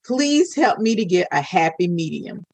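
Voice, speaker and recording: A woman's voice: lowish voice, very animated, normal speed, darkish tone, slightly rough, dry recording. A woman guest on a podcast interview, telling her personal story of faith in an earnest way and acting out what she once said to God. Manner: earnest, acts out her own past words to God.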